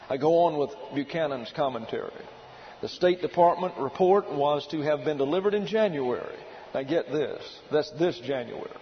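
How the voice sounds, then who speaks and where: Slightly high male preacher, lo-fi. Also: in a large hall. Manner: deliberate, emphatic teaching delivery. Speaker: pastor. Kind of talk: sermon with read-out excerpts. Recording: dull lo-fi recording with faint hiss.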